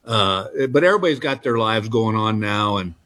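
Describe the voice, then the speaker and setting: A man's voice: fairly low pitch, moderate pace. A man, a comedian telling self-deprecating stories as an interview guest. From Texas. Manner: relaxed, anecdotal, self-deprecating. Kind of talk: storytelling interview chat. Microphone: phone call-in.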